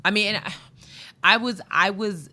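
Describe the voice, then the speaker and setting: A woman co-host in casual podcast chat, at a middling pitch. She talks things through in a reflective, conversational way, then leans hard on the points that matter. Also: steady tone, moderate pace, sharp tone.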